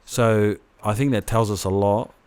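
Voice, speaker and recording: A man with a very deep voice talks loosely on a podcast. He rambles, restarts his sentences and swears casually as he thinks aloud. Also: steady tone, normal speed, darkish tone, clear, resonant tone. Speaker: podcast co-host. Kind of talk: casual chat.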